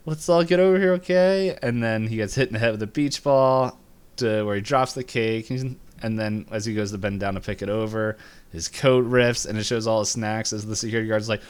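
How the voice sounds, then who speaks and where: A man co-hosting a podcast, casually retelling a cartoon episode, laughing often and jumping up in pitch to act out lines. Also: clear, resonant tone. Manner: laughs while retelling scenes, voices lines with jumps in pitch. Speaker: podcast co-host.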